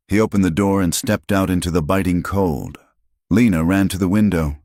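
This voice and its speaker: A man narrating a western audiobook in a steady, measured storytelling manner. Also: deep voice, no room sound, studio quality.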